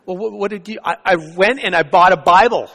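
A man acting out the quoted words of a rough, hostile man who has turned believer, loud and raised when agitated. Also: high-pitched, fairly quick, pitched above the performer's own voice, exaggerated voice. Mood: frantic. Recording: long reverb of a church hall.

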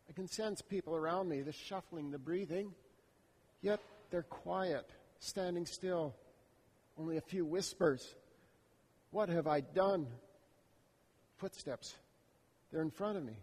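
A man's voice: high voice, animated, unhurried, long pauses, a little mellow, slightly rough. A man telling a story as a first-person dramatic monologue, in an intimate, reflective inner voice. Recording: long hall reverb.

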